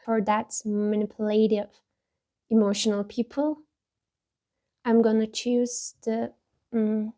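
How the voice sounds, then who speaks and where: Slow, mellow-voiced woman vlogger. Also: on the high side, level tone. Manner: halting and candid, with frequent laughs and restarts. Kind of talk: casual talk while taking a personality test.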